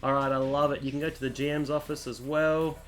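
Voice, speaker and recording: A man's voice: medium pitch, level tone, a little fast, soft background music. A man hosting a casual let's-play, chatting through menus and reading the on-screen text aloud. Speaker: gaming channel host.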